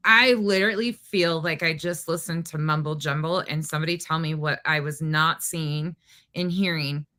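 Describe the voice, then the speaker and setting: A woman hosts a casual livestream from home, her voice bright and forward, set a little lower than most. She rambles in an exasperated way, trips over herself and keeps restarting her sentences. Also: normal speed. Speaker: livestream host.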